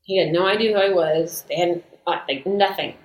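Woman chatting on a podcast, animated storyteller, laughs a lot, echoey room. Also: lowish voice, a little fast. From United States. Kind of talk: casual chat. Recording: roomy echo.

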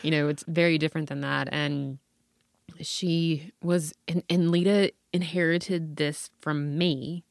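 A man's voice: a little high, darkish tone, no room sound, clean studio sound. A man with a twangy Tennessee accent, telling a story in casual podcast chat with frequent restarts. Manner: storytelling with many restarts and laughs. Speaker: podcast co-host.

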